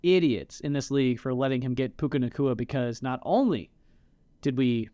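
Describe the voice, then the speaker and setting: A man's voice: medium pitch, moderate pace, no echo. A man co-hosting a podcast in a casual, joking chat with a friend. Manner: animated, joking banter. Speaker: podcast co-host. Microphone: podcast mic.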